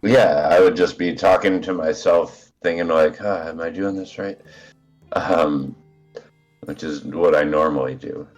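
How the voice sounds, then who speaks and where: A man's voice: sits low, measured pace, soft background music. A congested man chatting as a guest player on an online game stream, rambling and hesitant, heard through a phone on speaker. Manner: rambling, relaxed, hesitant with fillers. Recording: dull lo-fi phone speaker audio.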